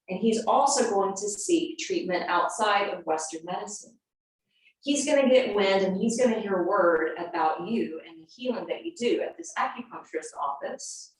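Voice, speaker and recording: A woman yoga teacher telling a personal story in an earnest, animated way, then leading a class into a seated stretch. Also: mid-range voice. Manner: earnest and animated, acting out quotes. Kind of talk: storytelling and guided yoga instruction. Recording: very echoey room, voice from a distance.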